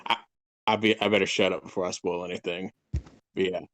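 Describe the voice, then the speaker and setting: A man's voice: low voice, fairly even intonation, brisk, a bit bright. A man in his twenties, a guest author, rambling through a casual interview, laughing often and trailing off mid-sentence. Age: 20s.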